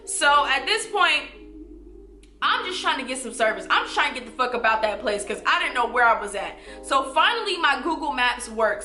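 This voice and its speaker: A woman in her twenties telling a storytime vlog, animated and casual, swearing and talking straight to viewers. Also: high voice, roomy sound. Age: 20s. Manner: animated, swearing, addresses viewers as y'all and you guys. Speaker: vlogger.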